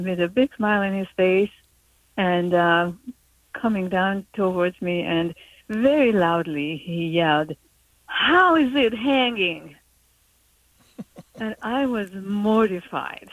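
A woman's voice: on the low side, slow pace, dry recording, low-quality recording. Woman calling in. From Hungary. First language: Hungarian. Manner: hesitant, with many fillers. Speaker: caller. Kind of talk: call-in storytelling. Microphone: telephone call.

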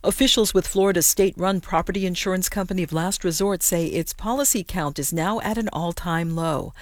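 A female newscaster reading the news in a crisp, measured way. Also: on the low side, no room sound.

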